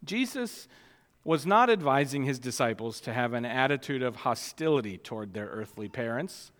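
A man preaching a sermon, swinging between quiet asides and loud, emphatic declarations. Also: mid-range voice, expressive, moderate pace. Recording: long hall reverb.

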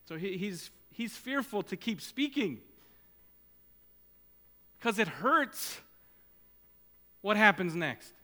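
A man's voice: high voice, very animated, slow, pauses often, pushed and bright. A man preaching a sermon as pastor, urging his listeners on with earnest, repeated exhortations. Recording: long hall reverb.

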